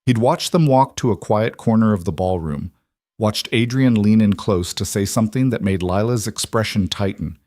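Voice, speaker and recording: A man narrates a story in an even, measured voice, pitched on the low side. The recording is dry and close, with no room sound. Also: no room sound.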